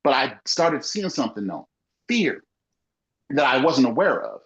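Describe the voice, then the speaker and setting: His voice is mid-range and a touch bright, unhurried but swinging widely in pitch. He owns a small business and is chatting loosely on a podcast, emphatic and repetitive, with frequent "you know"s, all captured in muffled lo-fi sound.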